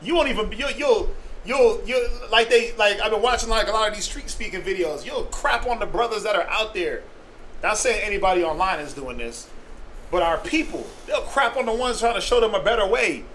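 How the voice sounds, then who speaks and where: A man's voice: high-pitched, animated, fairly quick, fairly bright tone, slight background noise, poor audio. A man speaking passionately in a group discussion, acting out the people he quotes and laughing often. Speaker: discussion participant.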